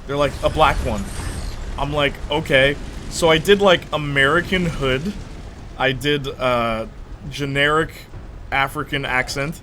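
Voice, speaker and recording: A young man chatting casually while streaming a game, telling stories in an animated way with lots of fillers. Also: mid-range voice, unhurried, slight background noise. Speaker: gaming streamer.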